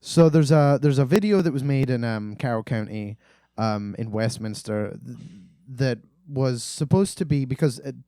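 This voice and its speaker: A young man with an ordinary mid-range voice, co-hosting a relaxed podcast. He tells loose, joking stories that wander as he goes. The recording is close and dry. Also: mid-range voice, moderate pace, hardly any pauses, clear, resonant tone, no echo. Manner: rambling, joking storyteller. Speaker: podcast co-host. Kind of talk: casual chat.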